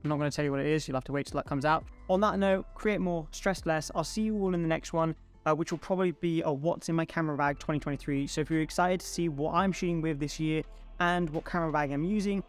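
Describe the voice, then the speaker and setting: A man with a slightly high voice talks relaxed and chatty to his camera from home, enthusing to his viewers. Faint music plays behind him. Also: fast. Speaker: photography video creator. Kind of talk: casual talk to camera. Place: indoors at home. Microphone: home studio mic.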